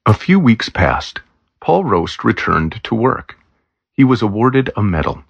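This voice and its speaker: Deep, gravelly male story narrator. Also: sing-song, measured pace, no room sound, dull audio.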